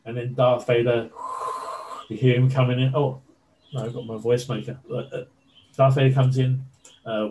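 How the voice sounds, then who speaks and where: A man being interviewed, telling a story in a casual, animated way with lots of fillers. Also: medium pitch, normal speed, slight background noise, rough recording. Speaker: interview guest.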